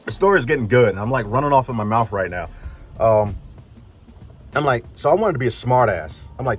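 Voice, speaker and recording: A man rambles through a story in a casual vlog, with many fillers and pauses. His voice sits at a middle pitch. Faint music plays behind him. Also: very animated. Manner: rambling, full of "like" fillers, retells dialogue. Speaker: vlogger, truck builder.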